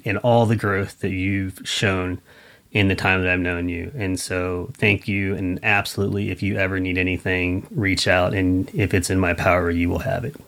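A man co-hosting a podcast, talking earnestly in a halting, casual way. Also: fairly low pitch, a bit bright. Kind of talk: heartfelt casual talk.

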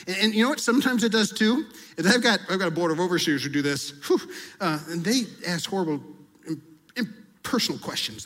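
A man's voice: high voice, fairly bright tone, big-room sound. A male pastor preaching in a conversational way, acting out prayers and confessions as he talks. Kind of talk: sermon.

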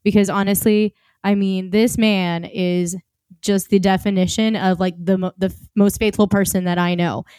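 A woman with a light Southern American accent co-hosts a faith podcast, joking at her own expense. Her voice is smooth and clear. The recording is dry and close. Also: medium pitch, level tone, normal speed, a little mellow, dry recording. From Oklahoma, USA. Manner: joking, self-deprecating. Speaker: podcast co-host. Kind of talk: casual faith podcast chat.

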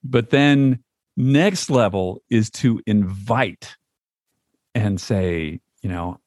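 Host guy talking slow and thoughtful, dry mic. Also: medium pitch, lively intonation, dry recording. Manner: slow, reflective, appreciative. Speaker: podcast host. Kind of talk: podcast interview.

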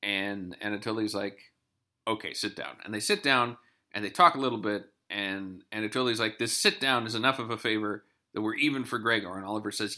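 A man's voice: fairly low pitch, fast, sharp tone. A man casually recapping a TV episode, chatty and digressive, with wry asides.

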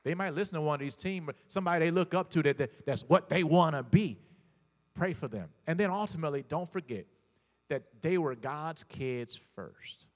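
A man's voice: on the high side, lively intonation, moderate pace, in a large hall. A male pastor preaching a sermon, telling stories, often repeating words and calling out to the congregation.

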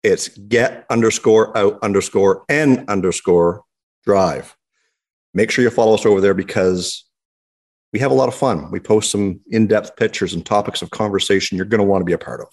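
A man's voice: lowish voice, moderate pace, a little mellow. A man, co-hosting a car podcast in a playful, teasing, mock-stern way. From Canada. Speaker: podcast co-host. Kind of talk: casual chat. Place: podcast studio.

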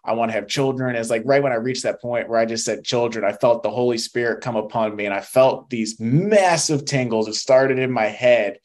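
A man's voice: mid-range voice, normal speed, few pauses, darkish tone. Earnest young man sharing his testimony. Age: young adult. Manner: earnest, emotional storytelling with fillers. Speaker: podcast guest. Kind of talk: testimony in casual interview.

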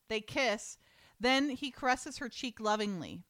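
A woman's voice: mid-range voice, a little slow, a bit bright. Brief: woman host, chatty recap, reads dialogue aloud with amusement. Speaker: podcast host. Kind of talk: casual chat, reading script lines aloud.

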